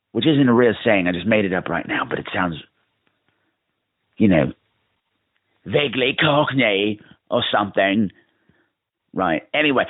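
An American man telling a story in a voicemail to himself. He is campy and theatrical and swears a lot, and his voice swoops up and down a lot in pitch. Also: husky, no echo. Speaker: podcast host. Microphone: phone. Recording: tinny phone-line voicemail.

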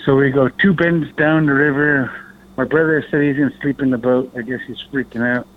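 A man from Alaska, appearing as a podcast guest, speaks a little fast with medium pitch over a tinny, phone-quality line. His casual story wanders, and he's animated, cursing occasionally and reenacting others' words.

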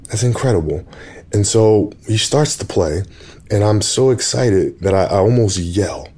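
A man telling a story as a guest, eager and excited, often repeating words and restarting. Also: lowish voice, a little slow.

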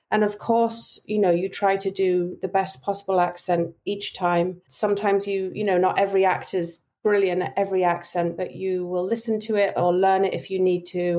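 A woman from Britain talks as a podcast guest with a mellow, lowish voice. She explains her audiobook craft thoughtfully and often pauses on fillers. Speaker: guest, actress and audiobook narrator. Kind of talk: interview conversation.

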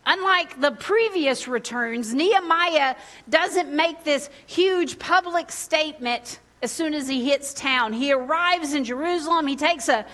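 Woman preacher, high and bright, animated storyteller who laughs often. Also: a little slow. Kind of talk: sermon with a personal story.

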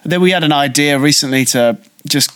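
Man, podcast co-host, casual chat, chatty and animated, fairly high voice. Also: fairly quick, clean tone.

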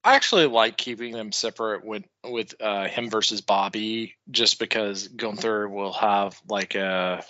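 A man co-hosting a podcast, chatting casually, laughing often and slipping into quick mock voices. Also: fairly low pitch, sharp tone, no room sound, dull audio. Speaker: podcast co-host. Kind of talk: casual wrestling chat.

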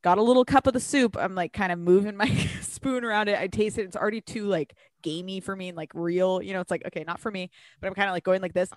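A woman co-hosting a podcast, talking casually, an animated storyteller who swears freely. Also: medium pitch, quick pace, few pauses, dry recording, studio quality. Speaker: podcast co-host. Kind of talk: casual chat.

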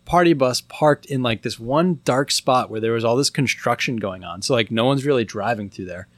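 Brief: male podcast co-host, rambling casual talk, mid-pitched, dry close mic. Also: moderate pace, no echo. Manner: rambling, filler-heavy speech with many likes. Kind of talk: casual chat.

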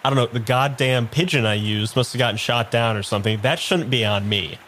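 A man's voice: medium pitch, fairly quick, a bit bright, slight background noise, lightly acted. A man voicing a giant male bridge troll who is weary and grumbling, talking in a frank, rambling, complaining way.

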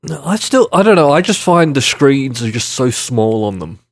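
A man's voice: mid-range voice, big pitch swings, moderate pace, gravelly. A man co-hosting a podcast in casual chat, hesitant and thinking aloud as he talks. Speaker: podcast co-host.

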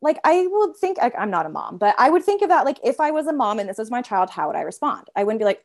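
A woman's voice: on the high side, big pitch swings. A woman therapist talking casually in an interview, filling her speech with "like" and briefly voicing her own inner parts. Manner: chatty, heavy use of filler "like"; voices her inner parts in quick asides.

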